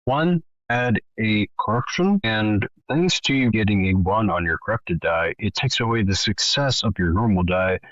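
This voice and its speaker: Man, game master, low voice, calm explainer, dull dry lo-fi mic. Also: moderate pace, hardly any pauses, no echo. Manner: explains rules and narrates calmly. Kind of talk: narrating a tabletop game.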